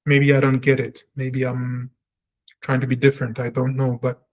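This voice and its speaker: A Hebrew teacher gives a spoken language lesson in a medium-pitched, completely flat voice. He talks earnestly and reflectively, slowly repeating sounds to demonstrate their pronunciation.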